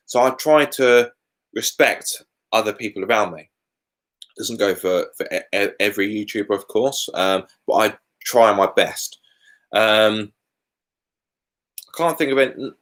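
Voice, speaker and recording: A man's voice: lowish voice, unhurried, fairly bright tone. A British man hosting a casual live Q&A from home, chatty and candid with colourful asides. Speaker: car YouTuber hosting a live Q&A.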